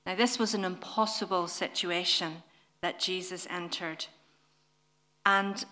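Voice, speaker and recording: A woman preaching a sermon in an earnest, gentle way, often putting questions to her listeners. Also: mid-range voice.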